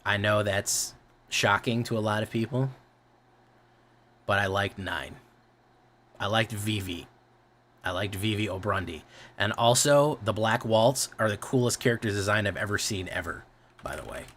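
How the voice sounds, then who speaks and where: A man's voice: lowish voice, moderate pace, pauses often, a bit bright, slight background noise. A man streaming, chatting casually, rambling and often correcting himself, with a lot of swearing.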